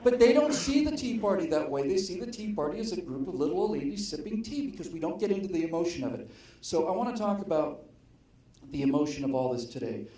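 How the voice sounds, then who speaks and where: A man's voice: sits high, very animated, fast, mellow, recorded from a distance. Man speaking in a very echoey hall. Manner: earnest, emphatic, conversational storytelling. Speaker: guest speaker. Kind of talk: public speech to a political gathering.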